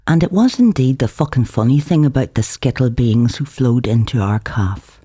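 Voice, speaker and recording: Husky-voiced man reading his novel. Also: mid-range voice, expressive, normal speed, few pauses, warm tone, dry recording, clean studio sound. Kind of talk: audiobook narration.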